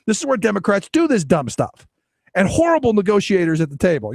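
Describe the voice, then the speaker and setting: Animated, gravelly male talk radio host. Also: high-pitched, fairly quick, no room sound. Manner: animated, sarcastic, acts out quoted voices. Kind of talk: opinionated political talk radio monologue.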